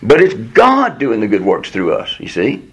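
Husky gravelly guy teaching bible class, voice swoops all over, chatty and animated. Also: moderate pace. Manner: animated, jumps to a high voice when quoting God.

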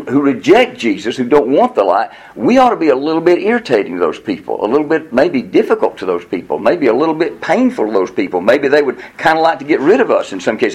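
A man's voice: medium pitch, breathy edge, rough recording. A man leading an interactive Bible class, asking questions and preaching to the group.

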